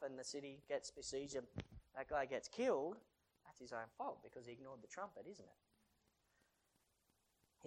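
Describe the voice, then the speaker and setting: A preacher in mid-sermon with a middling pitch, switching between reading scripture verses aloud and casual explanation. Questions are thrown at the congregation, and the delivery climbs to loud, urgent pleading. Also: rough recording. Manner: reads King James verses aloud, then explains them in chatty asides; asks the congregation frequent questions.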